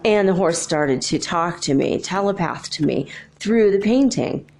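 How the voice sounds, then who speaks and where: Chatty lady host telling a story, lowish voice, quotes people in lively voices. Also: a little slow, soft background music. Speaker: podcast host. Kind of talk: casual storytelling.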